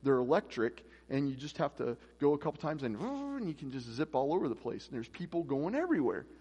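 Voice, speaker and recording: A man's voice: fairly high pitch, sing-song, a little fast, a little mellow, husky. A man preaching a casual, conversational sermon as pastor, acting out voices in his stories. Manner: conversational, acts out quoted voices. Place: church. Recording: echoey church hall.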